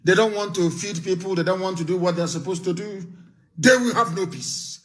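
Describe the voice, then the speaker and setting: A middle-aged Nigerian man delivering a fiery live political broadcast, threatening and lecturing, repeating his warnings with sudden shouts. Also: sits high, brisk. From southeastern Nigeria.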